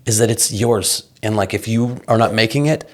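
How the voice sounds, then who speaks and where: A man's voice: fairly low pitch, moderate pace. A middle-aged man, a guest songwriter, talking casually and animatedly in an interview, restarting sentences and swearing freely.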